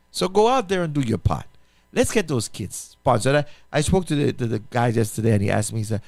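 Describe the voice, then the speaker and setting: Animated man pleading earnestly. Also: medium pitch, a little fast, gravelly, no echo. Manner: emphatic, repetitive, rhetorical questions, restarts. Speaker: pastor and radio show host. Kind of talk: impassioned appeal on a talk show.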